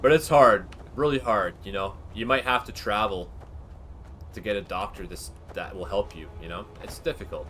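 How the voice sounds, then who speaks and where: A man's voice: lowish voice, normal speed, fairly bright tone, slight background noise. A man chatting casually while he streams a game. He rambles candidly, with lots of fillers and the odd swear word. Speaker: gaming livestreamer.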